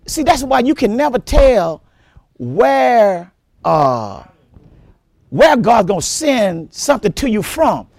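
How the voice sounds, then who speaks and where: High, lively preaching pastor. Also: male voice, slow, creaky, dry recording, clean studio sound. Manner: animated preaching, repeats words, laughs often, exclaims praise. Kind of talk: sermon.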